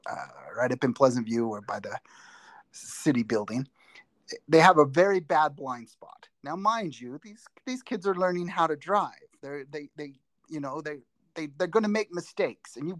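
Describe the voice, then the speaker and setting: A man who teaches driver's ed, chatting casually on a podcast and telling rambling, animated stories with many restarts. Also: fairly high pitch, dry recording. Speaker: driver's ed instructor and school teacher. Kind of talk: casual podcast chat, storytelling.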